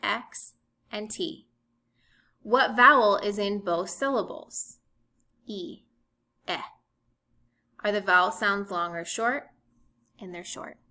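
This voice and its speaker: A woman teacher giving a recorded phonics lesson, speaking clearly and spelling words out letter by letter. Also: mid-range voice, slow pace, pauses often, sharp tone.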